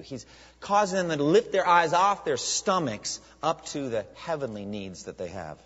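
A man preaching a sermon as a pastor, animated, with many rhetorical questions. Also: fairly high pitch, moderate pace. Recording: dull lo-fi sound with long hall reverb.

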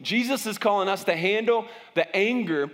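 A man's voice: sits high, normal speed, a bit bright, in a large hall. A man preaching as a pastor, talking conversationally and often restarting his sentences. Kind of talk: sermon.

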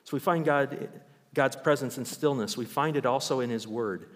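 A man's voice: mid-range voice, moderate pace. A male pastor preaching a sermon in church. He tells Bible stories with animation and raises his voice to act them out. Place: church sanctuary. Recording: long hall reverb.

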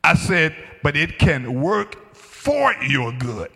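A middle-aged man, a pastor, preaching a sermon emphatically, his voice rising to shouts on key points. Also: fairly high pitch, sing-song, slow pace, creaky, slightly rough. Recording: long hall reverb.

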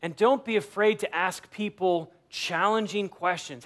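A man's voice: high voice, unhurried, a bit bright. A man pastor giving a sermon in a conversational way, acting out everyday dialogue as he makes his points. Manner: conversational preaching, acts out quoted dialogue.

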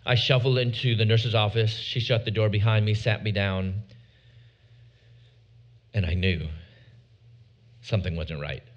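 A man giving his testimony to an audience, preaching with dramatic pauses and drawn-out words. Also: fairly low pitch, steady tone, muffled recording.

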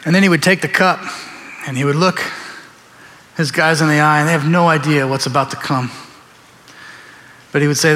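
A man's voice: on the high side, steady tone, moderate pace, long pauses, pushed and bright, big-room sound. A man preaching a sermon in a church, conversational and storytelling, acting out quoted voices. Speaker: pastor. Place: church sanctuary.

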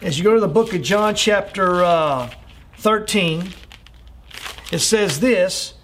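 A man's voice: high-pitched, slow, a bit bright, a little hiss or hum. A man preaching a sermon as a pastor, earnestly urging his listeners with repeated phrases and frequent fillers.

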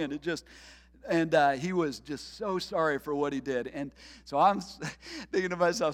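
A middle-aged pastor preaching a sermon, his voice on the high side for a man, animated and quick to laugh as he acts out what went through his head. The sound carries a long reverb from a church hall. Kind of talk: sermon with personal story.

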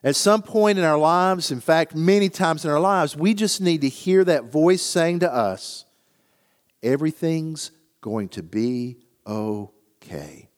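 An older man, reading scripture and preaching a sermon, earnest in his storytelling and dropping low and soft on solemn lines. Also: unhurried, few pauses, in a large hall. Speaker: pastor.

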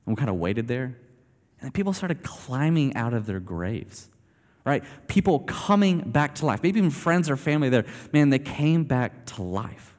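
Casual preacher in a reverberant hall. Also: male voice, mid-range voice, moderate pace. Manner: conversational, animated storytelling. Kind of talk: sermon.

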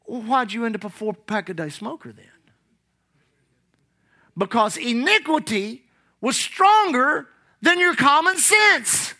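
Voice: medium pitch, big pitch swings, sharp tone. A preacher delivering a sermon, reading scripture aloud and putting rhetorical questions to the congregation. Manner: reads scripture aloud, then explains it; emphatic, drawn-out stresses on key words.

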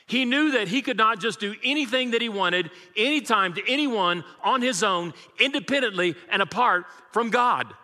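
A man's voice: high voice, lively intonation, normal speed, few pauses, pushed and bright, big-room sound. A man preaching a sermon as pastor, emphatic and rhythmic, calling out to his congregation in a church sanctuary.

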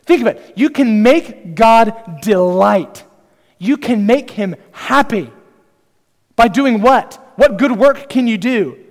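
A high-pitched man preaches in an unhurried, deliberate way, leaning on rhetorical questions to draw in his listeners. His voice rings out with a long reverb from a church hall. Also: lively intonation. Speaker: pastor. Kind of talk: sermon.

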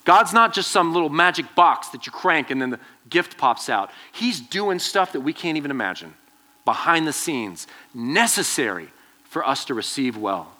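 A young man preaching to students as their pastor, telling a personal story with lively, acted-out quotes. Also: fairly high pitch, normal speed. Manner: animated storytelling, acts out quoted voices. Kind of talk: youth sermon with personal story.

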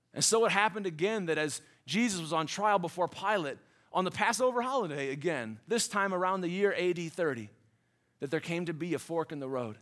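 Earnest male pastor preaching. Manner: earnest preaching with emphatic, rising passages and soft, low endings. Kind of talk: sermon.

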